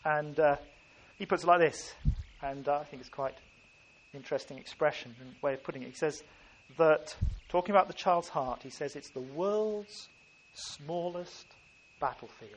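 Earnest man preaching a sermon. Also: on the high side. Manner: earnest, emphatic, with halting restarts. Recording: faint ambient background noise.

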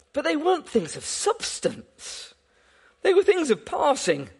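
A man preaching a sermon, earnest and often repeating words as he builds a point. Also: high voice. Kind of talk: sermon with prayer and storytelling.

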